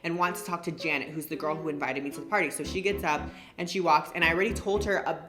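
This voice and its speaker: A woman in her twenties telling a casual storytime, chatty and animated, full of slang and "like.". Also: low voice, fast talker. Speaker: beauty vlogger.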